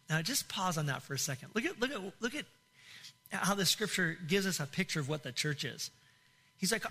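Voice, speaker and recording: A man's voice: sits high, big pitch swings, a little fast, bright, forceful tone. A male pastor preaching a sermon in an impassioned way, with many restarts and repeated phrases.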